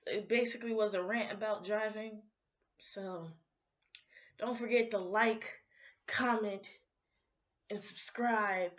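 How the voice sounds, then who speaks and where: A sleepy young woman rambles on to her camera in a loose, chatty rant, her voice sitting at an ordinary middle pitch. The recording is a little muffled and dull, like a simple home setup. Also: a little slow, pauses often. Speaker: vlogger.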